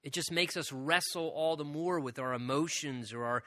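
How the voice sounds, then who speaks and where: A man's voice: fairly high pitch, moderate pace, pushed and bright. A man preaching a sermon as a pastor, speaking earnestly and often repeating "again" and asking "right?".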